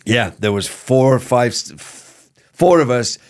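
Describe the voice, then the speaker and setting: A middle-aged man, a former footballer, telling stories in a casual interview, rambling and animated with many restarts. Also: mid-range voice, takes it slowly. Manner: animated, rambling, lots of repeated starts and "you know what I mean".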